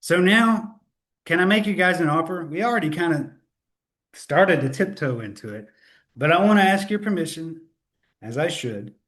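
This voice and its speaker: A man's voice: fairly high pitch, animated, normal speed, fairly bright tone. A man hosting a live sales webinar, upbeat and chatty, correcting himself and laughing at his own slip-ups, speaking into a computer mic. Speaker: webinar host.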